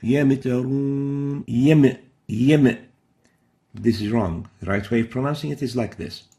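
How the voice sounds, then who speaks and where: Guy teaching recitation, kinda gravelly, dark mellow tone, patient and careful. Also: on the low side, animated. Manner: explains patiently, demonstrates each sound slowly and carefully. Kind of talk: recorded instructional lesson.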